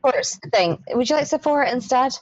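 A woman's voice: high voice, normal speed, no echo, dull audio. A woman co-hosting a casual show recap, joking and acting out what others said. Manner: animated, joking, acts out quotes. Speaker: podcast co-host. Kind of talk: casual chat.

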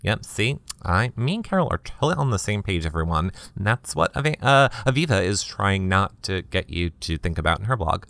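A man hosting a comedy podcast, reading gossip blogs aloud in a campy, sarcastic way with quick asides to listeners. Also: big pitch swings, creaky, a bit bright, no echo. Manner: campy, sarcastic, swoops into high mock voices.

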